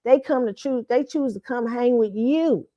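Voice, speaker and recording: A woman's voice: a little high, moderate pace, dark tone. A woman host giving a blunt, profane and mocking opinion rant. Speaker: show host. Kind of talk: ranting opinion commentary. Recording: slightly dull lo-fi audio.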